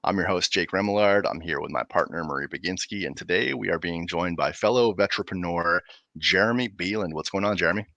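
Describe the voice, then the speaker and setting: A man hosting a podcast in a loud, energetic, hyped way. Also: sits low, brisk, creaky, dry recording. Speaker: podcast host.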